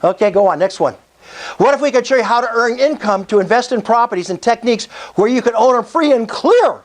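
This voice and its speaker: At a real estate investor meetup, a speaker in his sixties gives a fervent motivational speech like a preacher, calling out for the audience's responses. His voice is very high-pitched, expressive and fairly quick.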